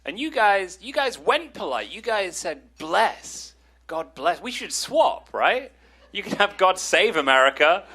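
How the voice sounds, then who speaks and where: British male comic, high and lively, wry and playful stand-up delivery. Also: background noise. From Britain. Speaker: stand-up comedian. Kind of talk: stand-up comedy set.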